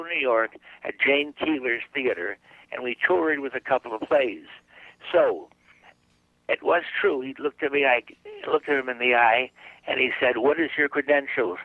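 A guest psychic, an older man, chats through a rambling tale on the radio, voicing the people in it. He speaks at medium pitch and a moderate pace, heard through a narrow, phone-like line that sounds dry, with no echo.

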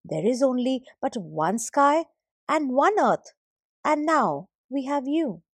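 A woman puts on Mother Earth, a gentle mother from a storybook myth. She questions her son softly and in wonder, and her voice lifts high and drops low. The sound is dry and close. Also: sing-song, slow, breathy edge, dry recording, exaggerated voice. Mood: bewildered. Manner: soft, bewildered questioning.

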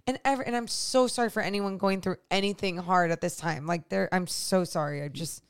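A young woman co-hosting a casual late-night podcast, exhausted and close to tears, rambling and halting as she talks. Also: lowish voice, clean tone. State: exhausted and tearful. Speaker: podcast co-host.

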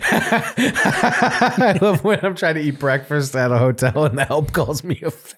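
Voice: mid-range voice, measured pace, a bit bright. A podcast host in casual chat, rambling and swearing, laughing often.

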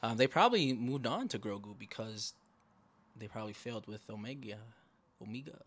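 Man, low voice, casual podcast chat, loose, animated, swears, slangy. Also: brisk, slight background noise. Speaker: podcast co-host. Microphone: handheld microphone.

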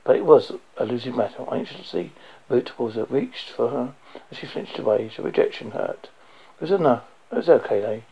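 A man reading a dark first-person story aloud, low and intense, sometimes dropping to a whisper. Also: animated, a little fast, creaky, a little hiss or hum. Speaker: audiobook narrator. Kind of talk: first-person audiobook narration. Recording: dull lo-fi recording.

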